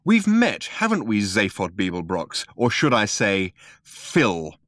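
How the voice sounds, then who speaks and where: A man reading aloud and voicing an indignant, stubborn ordinary Englishman who speaks in slow, pointed, clipped lines. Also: on the low side, wildly swooping pitch, a bit bright, no room sound, studio quality, full character voice. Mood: insistent.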